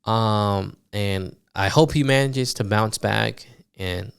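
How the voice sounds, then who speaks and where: Casual swearing male podcaster, smooth voice. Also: lowish voice, slow pace, no room sound, studio quality. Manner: animated, swears often, many fillers. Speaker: podcast host. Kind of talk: casual fight recap monologue.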